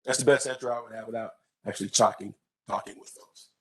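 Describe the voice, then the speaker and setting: Speaking quickly in a mid-range voice, this man is a candidate at a public college forum. He responds to an audience question with a lively story, frequently restarting and repeating words, captured on poor audio.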